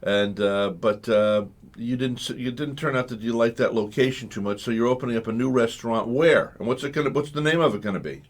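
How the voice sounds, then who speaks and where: A man's voice: mid-range voice, fairly quick, few pauses. Folksy, chatty male radio host. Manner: folksy, chatty, asks lots of questions. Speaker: radio talk show host. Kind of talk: live radio call-in show.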